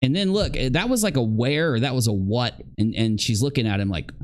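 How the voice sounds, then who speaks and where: Here a man with an expressive, brisk mid-range voice chats straight to his livestream audience in casual commentary. He performs the reactions of the people shown in the clips.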